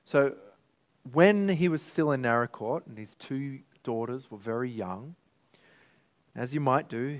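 A man's voice: mid-range voice, measured pace. A man preaching from the pulpit in a mid-range voice. He speaks earnestly, with heartfelt emotion, and builds to emphatic peaks. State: tearful at times. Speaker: pastor. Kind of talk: sermon.

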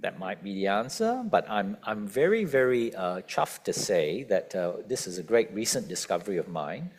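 A man's voice: on the low side, moderate pace. A man preaching a sermon, asking the congregation questions and stressing key words. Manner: lively, questioning the congregation, emphatic quotes. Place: church.

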